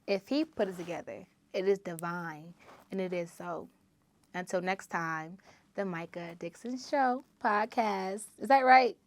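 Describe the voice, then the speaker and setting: A woman hosting her own podcast, preaching emphatically and repeating phrases, moving between loud exhortation and low asides. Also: a little slow. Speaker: podcast host. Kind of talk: solo podcast monologue.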